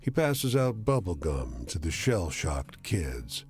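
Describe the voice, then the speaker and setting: Deep slow southern-accent guy reading a game story, voice swoops around a lot. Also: big pitch swings, a little mellow, husky, soft background music. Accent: put-on Southern US. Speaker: streamer. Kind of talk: reading game narration aloud.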